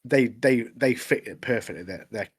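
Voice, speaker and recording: A young man co-hosting a podcast, chatting in a laid-back way with quick chuckles. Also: medium pitch, husky, dry recording, clean studio sound. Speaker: podcast co-host. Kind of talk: casual chat.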